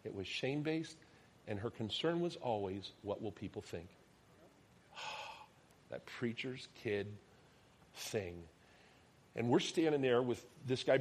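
Man, pastor, sermon, animated storytelling, voices the dialogue, drops to soft tones, faint hiss behind. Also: mid-range voice, a little slow.

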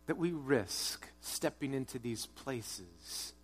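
A pastor preaching a sermon, earnest, moving between strong urging and quiet, hushed prayer. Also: male voice, mid-range voice, animated, slow, breathy edge. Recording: long hall reverb.

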